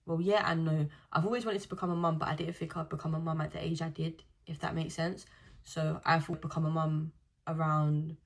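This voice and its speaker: A young woman chats casually to camera. Her voice sits low, and she tells her stories in a loose, slangy way. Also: flat delivery, brisk, gravelly. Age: 20s. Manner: chatty storytelling with slang. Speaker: vlogger. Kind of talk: casual chat.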